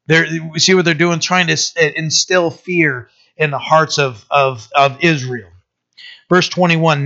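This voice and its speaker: A man's voice: fairly high pitch, steady tone, measured pace, sharp tone. A male pastor preaching a sermon, reading scripture and breaking off into emphatic, conversational asides. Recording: dull lo-fi recording.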